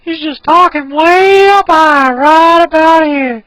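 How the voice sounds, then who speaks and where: A man voicing a creepy old man with a very high, thin, breathy voice. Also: steady tone, takes it slowly, bright, forceful tone, no echo, exaggerated voice, low-quality recording.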